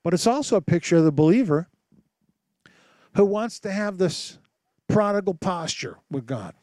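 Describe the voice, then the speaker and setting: A man preaching a sermon as pastor, telling stories with lively acted-out voices and asking rhetorical questions. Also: high-pitched, normal speed, no echo. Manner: animated storytelling with rhetorical questions; acts out voices and sounds in his stories.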